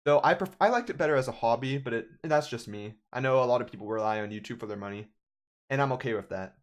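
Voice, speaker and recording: A man's voice: medium pitch, quick pace. A young man in his twenties, a gaming YouTuber, ranting in casual, sarcastic commentary.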